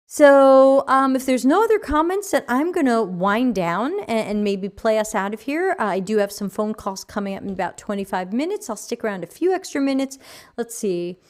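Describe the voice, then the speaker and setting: A woman with a New York accent hosts a casual livestream and talks through viewer comments. Her voice sits a little high, and she fills pauses with loose "um"s and "uh"s. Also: expressive. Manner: chatty, reads out viewer comments, frequent fillers. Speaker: podcast host.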